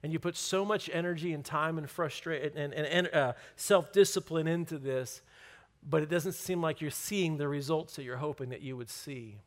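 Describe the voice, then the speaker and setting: Pastor guy preaching, casual and jokey, kinda higher voice. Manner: conversational, joking, drawn-out stresses. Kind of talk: sermon.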